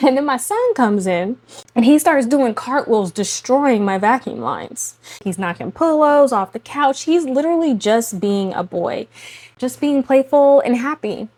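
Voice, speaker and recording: A young adult woman, a mother, speaking casually to camera about faith and home life in a chatty, animated way, often laughing and addressing women viewers directly. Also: high voice, a little slow. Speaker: faith and lifestyle vlogger, mother.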